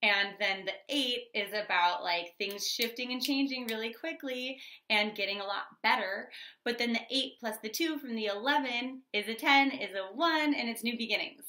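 A woman's voice: fairly high pitch, normal speed, sharp tone, reverberant. A woman giving a casual tarot reading vlog, bubbly and chatty with lots of fillers. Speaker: tarot reader.

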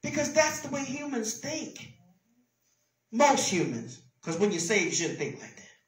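A woman preaching a sermon with an emphatic, repetitive cadence, swinging between loud exclamations and hushed whispers. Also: fairly high pitch, big pitch swings, measured pace. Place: church sanctuary. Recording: roomy church sound from a distance.

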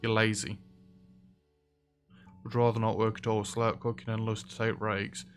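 A man giving casual, chatty commentary as he plays a restaurant sim, reacting loudly to what happens in the game. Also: lowish voice, completely flat delivery, moderate pace. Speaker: let's play host. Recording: faint background music.

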